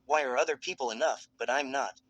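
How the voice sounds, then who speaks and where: A man's voice: medium pitch, a little fast, fairly bright tone, no echo, lo-fi sound, lightly acted. A man voicing a young woman who is crying and hurt, pleading in broken sentences during a fan fiction reading. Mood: tearful. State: crying, hiccuping.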